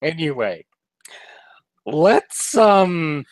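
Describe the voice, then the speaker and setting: A man's voice: a little high, big pitch swings, drawn-out words, dry recording, rough recording. A young man co-hosting a fan show, telling stories casually and dropping into silly voices for jokes. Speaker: podcast co-host.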